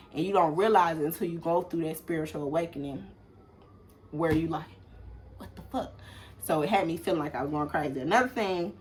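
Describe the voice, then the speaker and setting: A young woman with an Atlanta accent, telling a story in casual vlog style, animated and swearing freely. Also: a little hiss or hum. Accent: Southern US, Atlanta. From Atlanta, USA. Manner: animated, swearing, acts out quoted people in sudden loud high bursts. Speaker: vlogger.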